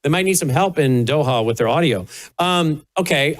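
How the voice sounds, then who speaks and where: A talk show host, a man, riffs on the news in a loose, folksy way. His voice sits a little high and moves up and down a lot. He often trails off and restarts as he thinks aloud. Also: animated, moderate pace. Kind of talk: casual commentary.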